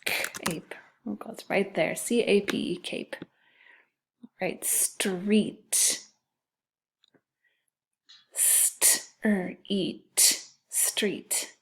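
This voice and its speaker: A woman's voice: medium pitch, fairly even intonation, extremely slow. A woman teacher giving a phonics lesson to second graders, patient and sounding out letters and syllables.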